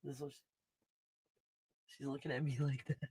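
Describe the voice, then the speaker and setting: A woman's voice: very deep voice, flat delivery, moderate pace, warm tone, husky, dry recording, poor audio. A woman from Texas with a faint Texas accent, chatting casually on a livestream, reading viewer comments, swearing freely and laughing often. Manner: profane and candid, laughs often.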